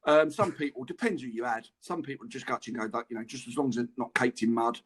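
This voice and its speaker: Fast-talking English ex-footballer telling stories. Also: male voice, mid-range voice, breathy edge. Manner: chatty, laughs through his anecdotes. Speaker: podcast guest, former footballer. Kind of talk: casual storytelling interview.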